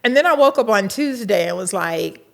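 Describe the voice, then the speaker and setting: A middle-aged woman, a university administrator, telling a lively story in an interview, acting out the dialogue and laughing now and then. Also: fairly high pitch, fast.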